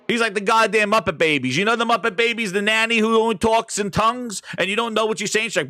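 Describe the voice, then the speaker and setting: A man's voice: high-pitched, fast talker, hardly any pauses, noisy background. A man streaming a profane, mocking rant about video games, mimicking the people he makes fun of. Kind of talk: ranting game commentary.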